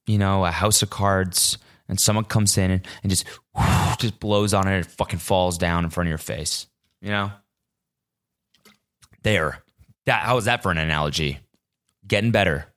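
A young man hosting his own podcast, ranting casually with lots of swearing and indignant outbursts. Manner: animated, swearing, voice jumping high when indignant. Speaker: podcast host. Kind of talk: casual solo podcast rant.

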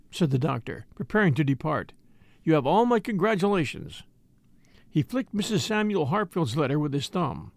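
A man's voice: vocal fry, a little mellow, dry recording, studio quality. Man reading a mystery novel aloud. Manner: lifts his pitch for women's lines. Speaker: audiobook narrator.

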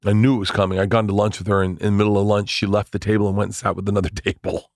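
A man in his forties, a comedian, telling stories in a casual interview, animated and swearing, acting out the voices of people he quotes. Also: lowish voice, very fast, dry recording, studio quality. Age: 40s. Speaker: comedian guest.

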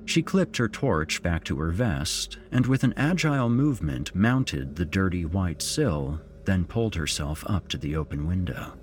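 A man hosting a podcast, reading a horror story aloud in an expressive, measured storytelling manner. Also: deep voice. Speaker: podcast host and narrator. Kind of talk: scripted horror story narration.

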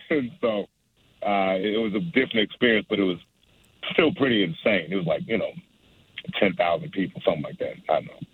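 A man's voice: sits low, brisk, slightly rough, no echo. A young adult man, a stand-up comedian, chatting casually and rambling with many restarts and laughs. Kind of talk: casual phone interview. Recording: dry phone line.

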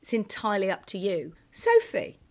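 A woman's voice: mid-range voice, animated, moderate pace. A woman co-hosting a podcast, chatting playfully about decorating and teasing her co-host. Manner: playful, chatty, self-mocking. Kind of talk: casual chat.

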